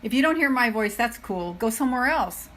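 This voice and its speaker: Speaking fairly quickly with lively intonation, this middle-aged woman has a slightly high, somewhat bright voice, heard on a low-quality recording with a little hiss or hum. As a self-love coach giving a live motivational talk, she's earnest and chatty. She repeats her key lines for emphasis and constantly addresses her viewers.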